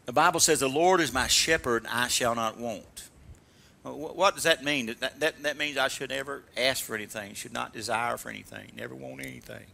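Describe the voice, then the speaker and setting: A man preaching a sermon, coaxing call-and-response from the congregation and swinging from loud exhortation to soft, low asides. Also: steady tone, fairly quick, gravelly, slight background noise. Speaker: pastor.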